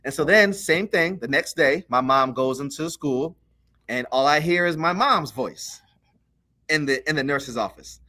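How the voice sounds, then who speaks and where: A podcast co-host tells a childhood story in a casual, animated way, acting out the voices of the people involved. His voice is on the high side and a little slow.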